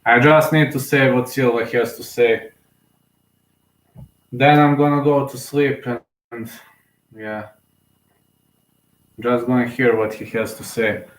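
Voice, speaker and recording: Young guy doing live fight commentary, emotional and excitable, mid pitch, echoey room. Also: takes it slowly, long pauses. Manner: excitable, emotional, repeats himself. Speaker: fan commentator. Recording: roomy echo.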